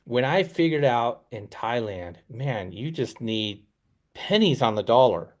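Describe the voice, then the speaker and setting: A man in his fifties co-hosting a live stream in casual chat, relaxed and agreeable, often chiming in with short replies. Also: medium pitch, a little slow. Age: 50s.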